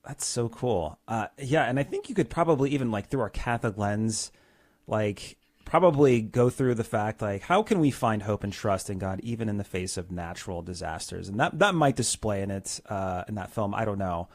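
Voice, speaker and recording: A young man hosts a relaxed chat, hesitating often with fillers as he asks questions. His voice sits somewhat low, recorded close and dry with no room sound. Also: moderate pace, no room sound. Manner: easygoing, hesitant, many fillers. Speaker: podcast host. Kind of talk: casual conversational interview.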